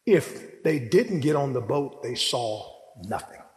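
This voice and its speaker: A man preaching a sermon, telling a story dramatically and acting out the voices of its people, swinging from hushed to loud. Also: medium pitch, animated, takes it slowly, big-room sound.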